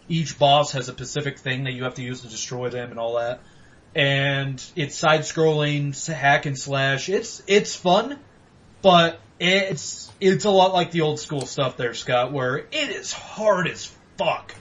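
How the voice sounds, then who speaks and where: A man co-hosting a casual gaming podcast, talking animatedly, swearing and mock-yelling at games. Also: on the high side, highs cut off. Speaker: podcast co-host.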